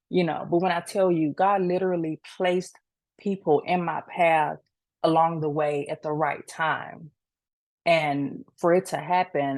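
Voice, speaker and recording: A young woman, an author, telling her personal story in an earnest, faith-filled way, halting and restarting as she speaks. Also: lowish voice, creaky, a little mellow, dry recording. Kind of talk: emotional personal testimony.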